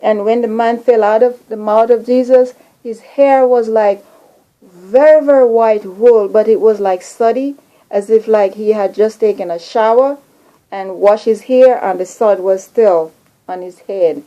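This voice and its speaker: Woman host, earnest dream testimony, very slow delivery, higher voice. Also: mellow, muffled recording. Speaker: video channel host. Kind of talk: recounting a prophetic dream.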